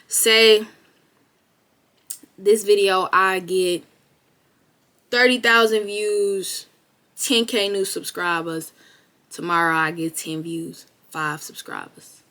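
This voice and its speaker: Speaking straight to the camera, a young woman vlogger delivers a blunt, profane motivational talk, emphatic and animated, rising to loud bursts. Her voice is mid-range and slow, with frequent pauses.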